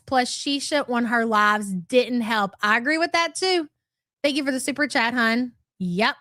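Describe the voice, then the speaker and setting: High-pitched sarcastic woman streamer. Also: fairly bright tone, dry recording, studio quality. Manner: sarcastic, incredulous, teasing. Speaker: commentary channel host. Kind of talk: livestream commentary reading super chats.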